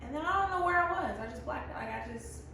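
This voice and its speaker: A young woman in her twenties telling a casual, animated story as a vlogger, often laughing and acting out her friends' lines. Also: high voice, quick pace, a little hiss or hum. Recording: very echoey room, mic at a distance.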